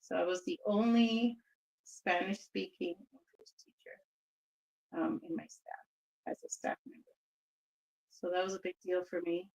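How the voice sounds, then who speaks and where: A woman's voice: on the low side, fairly even intonation, unhurried, vocal fry, long pauses, darkish tone, reverberant, rough recording. A woman from Southern California, a guest in a casual interview, telling stories in a chatty, reflective way with restarts.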